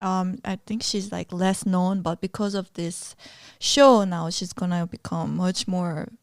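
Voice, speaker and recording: A woman's voice: fairly low pitch, steady tone, measured pace, dry recording, clean studio sound. A woman co-hosting a podcast in casual chat, talkative and often laughing, with many fillers. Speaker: podcast co-host.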